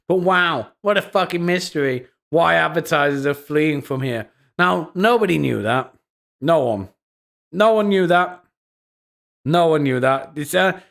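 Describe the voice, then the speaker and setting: Swearing and laughing frequently, a young live-stream host ridicules social media posts in a voice that's on the high side, a bit bright and touched with vocal fry.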